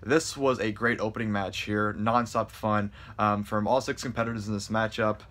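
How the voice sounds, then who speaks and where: A man giving a casual spoken review, excitable and rambling, stumbling over his words and swearing freely. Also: fairly low pitch, moderate pace. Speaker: wrestling show reviewer.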